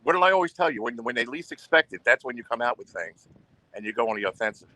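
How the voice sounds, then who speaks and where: A man's voice: medium pitch, expressive, fast talker, bright, forceful tone, no room sound. A man hosting a livestream, talking in a rambling, boastful way and repeating himself. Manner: boastful and repetitive, goes on the offensive. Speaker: livestream host.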